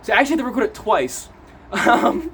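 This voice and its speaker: A young man recapping a movie in a casual vlog, animated and profane, acting out scenes as he talks outdoors in cold wet weather. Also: high-pitched, fast talker, slight background noise. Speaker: movie reviewer.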